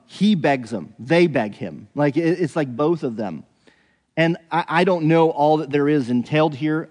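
A man walks through a scripture passage in an unhurried, conversational teaching voice at a middling pitch. He thinks out loud, often restarting and hedging his sentences. His voice rings with a long hall reverb. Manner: thinks aloud, with frequent restarts and hedges. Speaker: Bible teacher.

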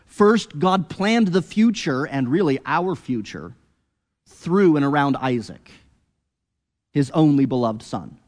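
A man preaching an expository sermon, earnest, rising to emphatic peaks and then dropping low and quiet. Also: lively intonation, slow pace, big-room sound.

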